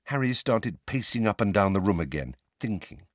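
A man's voice: lowish voice, big pitch swings, moderate pace, no echo, studio quality. A man narrating a story aloud as an audiobook reader, reading with expression.

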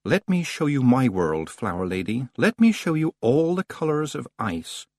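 A man's voice: mid-range voice, big pitch swings, normal speed, a little mellow, slight background noise. A man voicing a faint, eerie winter spirit. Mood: eerie coaxing.

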